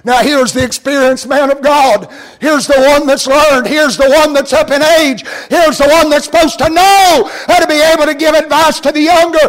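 A man preaching a sermon as a story, rising to cries and dropping to hushed tones. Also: extremely high pitch, steady tone, normal speed, poor audio. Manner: dramatic, swings between loud cries and hushed near-whispers.

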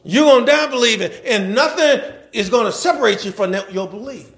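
A man with an unusually high voice preaching a sermon. He stretches out scripture lines, keeps checking in with the congregation, and slips into chuckling conversational asides between fervent stretches. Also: fairly bright tone. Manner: fervent, calls out to the congregation, drawn-out scripture reading.

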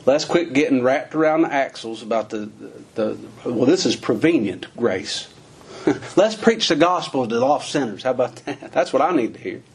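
A man's voice: mid-range voice, expressive, moderate pace, breathy edge. A man preaching a sermon in a folksy, questioning way, using plain rural phrasing and asking lots of rhetorical questions.

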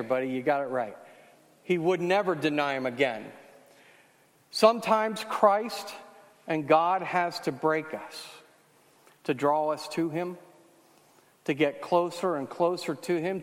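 A man preaching a sermon who questions the congregation directly and rises in force on the key points. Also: fairly high pitch. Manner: asks the congregation questions, emphatic and rising on key lines. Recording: long hall reverb.

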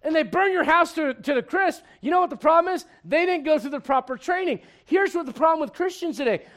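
A male pastor from Puerto Rico preaching a sermon, animated and joking, often restarting sentences and acting out little scenes. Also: very high-pitched, fairly quick, hardly any pauses.

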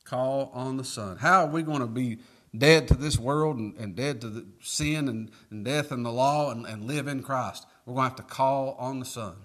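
A man's voice: medium pitch, moderate pace, a bit bright. A man preaching a sermon, reading scripture aloud and asking folksy rhetorical questions with emphatic rises.

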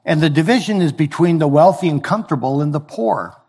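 Male pastor, sermon delivery, relaxed conversational teaching voice, a touch high. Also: brisk, breathy edge. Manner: conversational, explains with everyday examples and reads scripture aloud.

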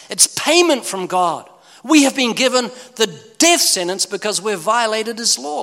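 A man delivers an emphatic, pleading evangelistic sermon. His voice sits high and bright. The sound carries a long hall reverb around it. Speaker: preacher.

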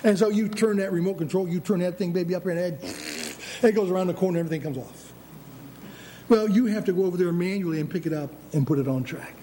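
A man preaching a sermon as pastor, animated, acting out the voices of God and believers. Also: high-pitched, fast, slight background noise.

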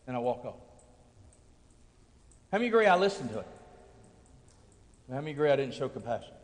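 A man pastor preaching a sermon, swinging from hushed, low lines to loud, booming peaks. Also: very animated, fairly quick, long pauses. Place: church sanctuary. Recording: long hall reverb from a sanctuary.

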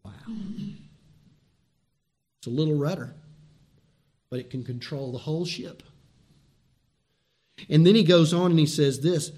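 Unhurried, with long pauses and a slightly high voice, a man gives a sermon as pastor. He moves between booming, repeated words and soft, homespun asides, asking his listeners questions directly.

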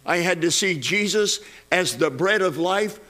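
A man's voice: sits high, a little slow, sharp tone. A man preaching a sermon, building to emphatic peaks and repeating phrases as he goes.

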